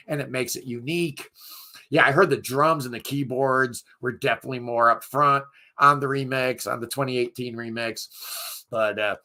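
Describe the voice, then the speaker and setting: Middle-aged male music channel host, hoarse and fading, gravelly edge, bright tone, rambling and enthusiastic. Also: mid-range voice. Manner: rambling, enthusiastic, self-deprecating. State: hoarse, losing his voice. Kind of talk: casual live chat with viewers.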